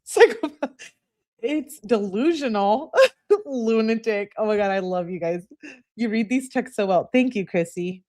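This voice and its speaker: A woman's voice: mid-range voice, very animated, takes it slowly, long pauses, a little mellow. A woman hosting a true-crime channel, reading texts and adding candid asides with sighs and laughs for her viewers. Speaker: true-crime commentary host.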